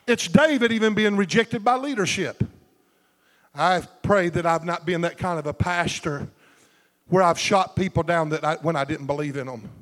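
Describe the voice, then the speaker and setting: Fervent high-voiced preacher, church reverb. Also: male voice, a bit bright. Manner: fervent, rhythmic, call-and-response preaching. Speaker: pastor. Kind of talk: sermon.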